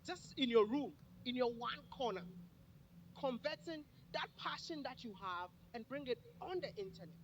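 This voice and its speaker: A man's voice: very high-pitched, expressive, moderate pace. Male motivational speaker, playful and direct, live event with faint background noise. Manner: joking, addresses the crowd directly. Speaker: speaker at a summit. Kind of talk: motivational speech.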